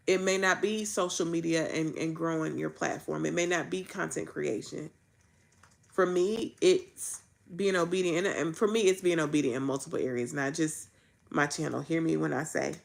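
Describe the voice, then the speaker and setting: A woman's voice: deep voice, gravelly. A woman, talking rawly and emphatically, repeating phrases like a preacher. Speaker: faith vlogger. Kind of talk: candid faith vlog.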